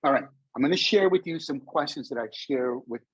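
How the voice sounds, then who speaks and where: Husky-voiced man giving a lively webinar. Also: medium pitch, a little fast, no echo, lo-fi sound. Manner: energetic, addresses the audience as folks, acts out dialogue; speaks standing up. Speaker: webinar presenter and career coach. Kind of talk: motivational webinar talk. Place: indoors, a vacation spot. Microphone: video call.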